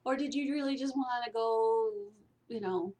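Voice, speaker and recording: A woman's voice: a little high, normal speed, dark tone. A woman coaching on spiritual prosperity in a casual, meandering talk, repeating her phrases and checking in with "right?".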